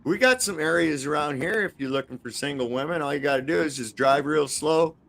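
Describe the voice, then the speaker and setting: A man's voice: on the high side, fairly quick, a bit bright. Male panel guest, crude and rambling, casual chat. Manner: crude, rambling, says "man" a lot. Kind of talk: casual live-stream chat.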